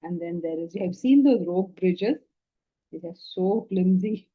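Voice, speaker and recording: A woman spiritual teacher giving a philosophy lecture with stories, animated and asking rhetorical questions. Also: fairly low pitch, measured pace, highs cut off.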